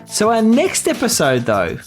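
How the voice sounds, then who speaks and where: A man co-hosting a film podcast in casual chat, agreeable and quick to laugh. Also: high-pitched, huge pitch swings, faint music behind. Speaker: podcast co-host.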